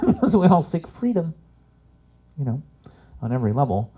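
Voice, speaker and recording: Casting note: man in his forties, warm mellow tone, loose stand-up delivery, swears and laughs along with the crowd. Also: medium pitch, sing-song, a little fast, slightly rough. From Canada. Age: 40s. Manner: chatty, swears freely, laughs at his own jokes. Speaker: comedian and workshop host. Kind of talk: live stand-up comedy talk.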